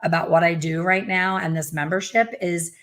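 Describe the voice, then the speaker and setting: A middle-aged woman hosting a casual chat over a video call as a hair color teacher, talking in a chatty, animated way with playful, self-mocking asides. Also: fairly low pitch, normal speed. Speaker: hair color educator and host.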